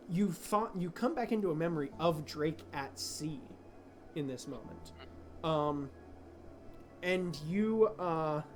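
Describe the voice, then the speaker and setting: A man narrating a tabletop game as game master, rambling with many fillers and breaking into laughter. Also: a little high.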